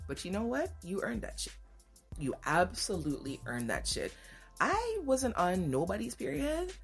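A woman's voice: mid-range voice, big pitch swings, normal speed, gravelly, breathy edge, faint music behind. A woman hosting a podcast, telling a frank personal story and acting out both sides of the dialogue. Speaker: podcast host. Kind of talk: candid storytelling monologue.

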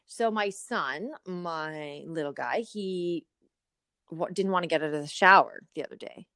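A woman in her thirties co-hosting a podcast, chatting casually and telling animated stories. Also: low voice, unhurried, dry recording, clean studio sound. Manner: animated storytelling, acts out inner voices. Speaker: podcast co-host. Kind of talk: casual chat.

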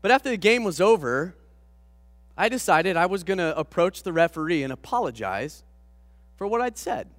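A man preaching, a pastor telling a personal story to his congregation with animated, self-deprecating humor. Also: high voice, moderate pace, no echo, in a large hall. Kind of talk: storytelling sermon.

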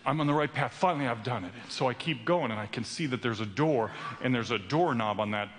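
A man's voice: mid-range voice, fairly quick, few pauses. A man preaching, telling a story dramatically and slipping into character voices. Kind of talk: sermon with acted storytelling. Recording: long hall reverb.

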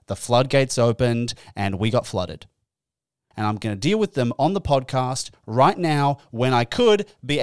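A man in his young adult years hosts a comedic podcast with animated, exasperated storytelling and plenty of swearing. His mid-pitched voice sounds close and dry, with no room echo. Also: clear, resonant tone. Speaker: podcast host. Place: indoors.

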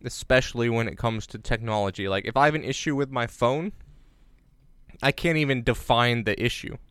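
Male podcast co-host, smooth resonant voice, dry close sound, rambling and jokey. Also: mid-range voice, brisk, no room sound. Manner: jokey, rambling, deadpan asides. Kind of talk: casual chat. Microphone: remote recording on separate devices.

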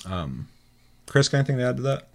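A man's voice: medium pitch, sing-song, a little fast. A man hosting a casual chat show, telling a gaming story with laughs and swearing. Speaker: podcast host.

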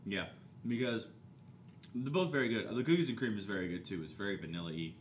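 A man's voice: on the low side, a little fast, slight background noise. A man co-hosting a podcast, talking casually and a bit impatiently, swearing offhand. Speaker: podcast co-host. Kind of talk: casual chat, ice cream tasting. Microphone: desk mic.

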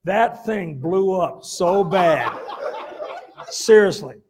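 A middle-aged pastor telling a folksy, laughing story in a sermon, with sudden loud bursts. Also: male voice, sits high, animated, extremely slow, noisy background.

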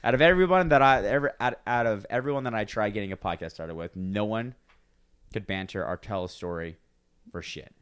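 A man in his twenties talks quickly and loosely, tripping over restarts as he tells stories and acts out other people's lines. His voice sits a bit low. The sound is close and dry, with no room around it. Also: fairly bright tone, clear, resonant tone, no echo. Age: 20s. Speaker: podcast co-host. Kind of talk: casual chat.

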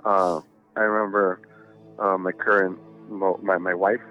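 A podcast guest tells a long story in casual chat, rambling, swearing often and filling gaps with "you know." His voice sits low with little pitch movement and a slightly slow pace. The recording is a tinny, phone-like line with faint music.

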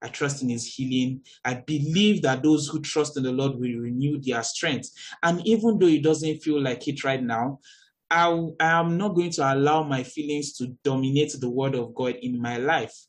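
A young man with a Nigerian accent, preaching a sermon in an earnest, animated way that jumps to high exclamations. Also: moderate pace. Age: young adult.

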